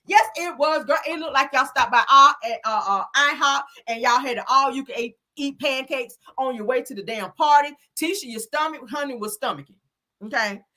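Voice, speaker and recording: A woman hosting a live stream, recapping a reality show episode in a sassy, blunt, animated way. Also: high voice, normal speed. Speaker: host.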